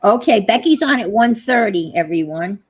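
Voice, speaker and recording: A woman's voice: medium pitch, animated, moderate pace, breathy edge, poor audio. A woman with a New York accent hosting a casual crafting livestream, rambling and trailing off as she searches for words.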